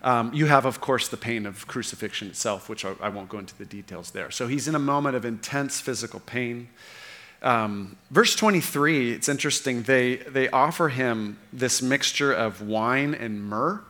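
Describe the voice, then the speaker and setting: A man's voice: mid-range voice, normal speed, pushed and bright. A man preaching a sermon, earnest and unscripted, with frequent fillers and restarts.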